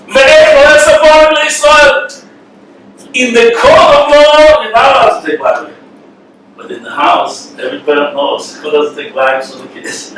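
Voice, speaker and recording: A man, a rabbi giving a sermon, telling stories and acting out the characters, mixing in Hebrew and Yiddish words. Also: very high-pitched. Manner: animated, acts out the characters in his stories, sprinkled with Hebrew and Yiddish. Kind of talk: sermon with storytelling. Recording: echoey room from far off, faint noise.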